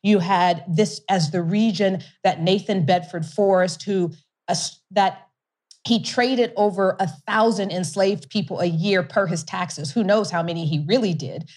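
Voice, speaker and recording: A woman's voice: medium pitch, unhurried, darkish tone. A middle-aged woman, a company founder in an interview, telling her story with energy, laughing often and restarting sentences. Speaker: whiskey company founder and investor being interviewed.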